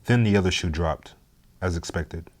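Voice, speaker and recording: A man narrating a story in a steady, measured, scripted way. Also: low-pitched.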